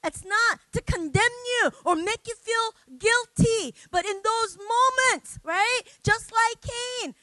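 A woman delivers a sermon in a very high, crisp and bright voice. She speaks unhurriedly and conversationally, tagging points with quick questions to her listeners. The sound is close and dry. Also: no room sound. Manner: conversational preaching, tags "right?", acts out examples. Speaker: preacher.

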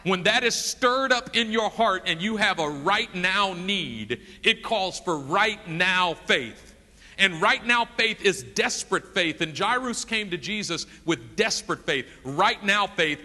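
A man delivering a sermon with a high, lively voice that swings widely in pitch. His tone is bright and forceful, and he acts out the voices of the people in his story. A long reverb hangs behind him as if he were in a large hall. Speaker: preacher.

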